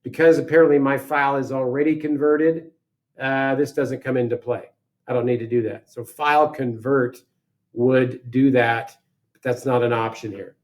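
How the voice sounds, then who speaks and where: A man teaching a software lesson, talking through each step aloud in a casual way and correcting himself as he goes. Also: mid-range voice, steady tone, normal speed. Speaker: instructor. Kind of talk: screen-recorded software tutorial.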